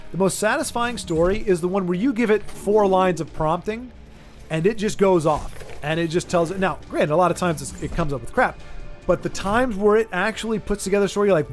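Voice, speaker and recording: High-voiced rambling man. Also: a little fast, soft background music. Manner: rambling, many restarts and repeated words. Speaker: streamer host. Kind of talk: casual chat.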